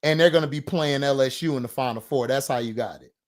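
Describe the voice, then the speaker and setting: A man's voice: medium pitch, fast. A man hosting a sports talk show, arguing his points passionately and insistently in a casual, heated debate.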